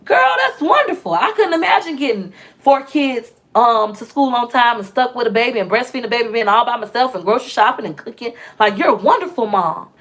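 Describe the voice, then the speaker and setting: Frau spielt eine herzliche, aufmunternde Betreuerin mit hoher, strahlender Stimme. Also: female voice, high voice, big pitch swings, a little fast, gravelly, breathy edge, pitched above the performer's own voice, heavily acted. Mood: praising. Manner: warm, praising, upbeat. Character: kind, encouraging female support-group worker.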